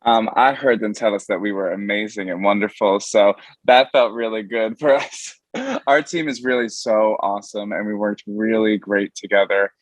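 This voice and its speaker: A man's voice: fairly low pitch, fairly even intonation, moderate pace, no room sound. A man competing on a music show, upbeat and enthusiastic about his team. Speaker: contestant.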